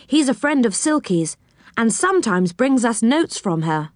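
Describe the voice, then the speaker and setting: Woman reader as a cheerful storybook girl, slightly high and lilting. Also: very animated, measured pace, dry recording, studio quality. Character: cheerful young girl, friendly guide. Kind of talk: storybook reading.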